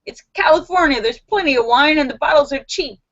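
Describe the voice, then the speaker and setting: Woman doing a high indignant Californian guy. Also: fairly quick, lo-fi sound. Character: brash male Californian rider in a joke.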